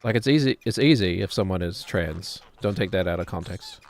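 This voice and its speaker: A man's voice: deep voice, expressive, a little fast. A man in his thirties with a New Zealand accent, streaming and rambling casually in a joking, self-deprecating way. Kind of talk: casual chat while gaming.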